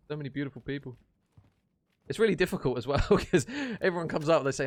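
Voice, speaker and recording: A man casting an esports match on stream, chatty and jokey, chatting warmly with his viewers. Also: mid-range voice, sing-song, fast, a little hiss or hum. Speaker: esports caster. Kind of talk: casual stream commentary reading chat.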